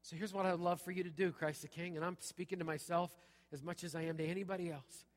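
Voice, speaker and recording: High-voiced pastor in a reverberant hall. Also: male voice, steady tone, fast. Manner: punchy, repeats "okay?" often. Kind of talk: sermon. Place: church sanctuary.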